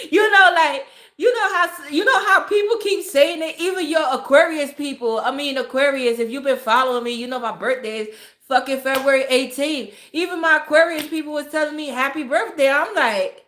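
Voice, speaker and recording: A woman's voice: high-pitched, moderate pace, a bit bright. A woman hosting a casual livestream, greeting viewers by name, chatty and profane, laughing often. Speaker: livestream host. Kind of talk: casual live-stream chat.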